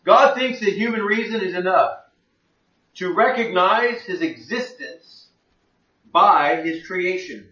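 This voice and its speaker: Male Bible teacher, high, bright, plain-spoken; roomy, distant, lo-fi sound. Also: animated, slow. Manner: plain-spoken, asks rhetorical questions. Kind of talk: conversational sermon. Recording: echoey room, distant mic, dull lo-fi.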